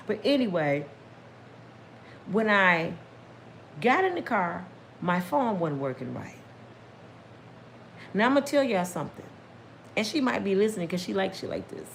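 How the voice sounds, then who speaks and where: A middle-aged woman telling a personal story casually and emphatically to her viewers, talking straight to them, breaking into religious exclamations and climbing high when worked up. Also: very animated, a little slow, creaky, long pauses, slight background noise. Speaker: storyteller vlogger.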